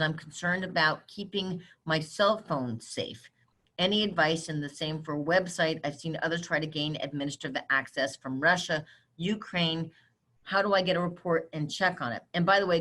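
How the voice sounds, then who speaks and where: A middle-aged woman presenting a webinar, her voice sitting a little low. She talks in brisk, direct instructions, laying out practical advice point by point. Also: fairly bright tone. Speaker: webinar speaker on cybersecurity.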